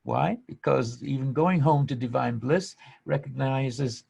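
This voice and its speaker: English man, podcast host, spiritual storytelling, earnest, emphatic, very gravelly, husky. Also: mid-range voice, unhurried, few pauses. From England. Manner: earnest and emphatic, swings from hushed to animated.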